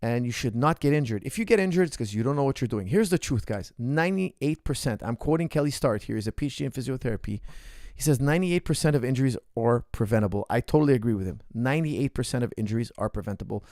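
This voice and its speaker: A man's voice: medium pitch, lively intonation, quick pace, hardly any pauses, darkish tone, no room sound, studio quality. A man in his forties, a coach, talking casually to a live stream audience and repeating his points for emphasis. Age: 40s. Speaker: coach answering viewer questions.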